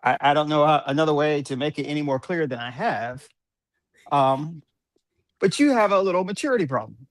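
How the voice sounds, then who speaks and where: Male streamer, high and animated, dry close mic, lectures his friends in jest. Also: fairly quick, no room sound. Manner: mock-lecturing, scolding tone. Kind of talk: casual comedic banter on a live stream.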